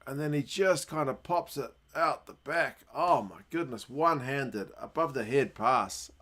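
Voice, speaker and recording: A man with a New Zealand accent hosting a casual rugby watchalong stream, chatting with viewers and getting excited at big plays. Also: a little high. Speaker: livestream host.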